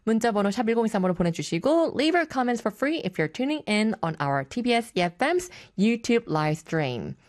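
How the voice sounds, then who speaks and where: A woman in her thirties hosts a radio show, switching between languages. She talks at a very fast clip with a lively, animated pitch. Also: no echo, studio quality. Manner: chatty, switching between Korean and English. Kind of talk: bilingual radio hosting.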